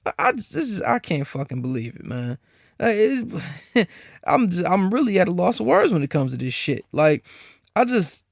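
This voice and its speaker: Male podcast host, fairly high voice that swings wide, profane incredulous rant, dry close mic. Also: normal speed, creaky, no echo. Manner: profane, animated, incredulous ranting with frequent laughs.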